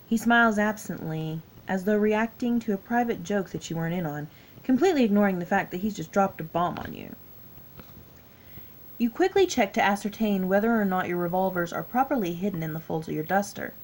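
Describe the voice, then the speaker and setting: A woman's voice: medium pitch, animated, fairly quick, low-quality recording. A tired woman with a Southern US accent, reading a text adventure game aloud with her own asides and stumbling over long words. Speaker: gaming YouTuber.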